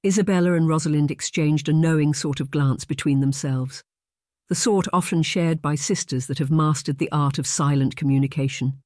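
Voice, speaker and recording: An audiobook narrator reading a romance novel in a measured, even storytelling manner. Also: mid-range voice, no echo, studio quality.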